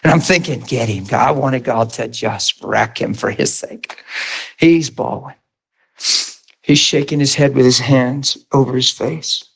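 A man preaching a sermon, an animated storyteller who laughs often and swings his voice up high in acted-out quotes. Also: measured pace, creaky, slightly rough.

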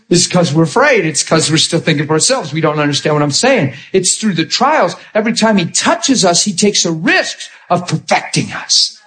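A man preaching a sermon, telling a personal testimony in an animated way, swinging from hushed to emphatic. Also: high-pitched, moderate pace, few pauses.

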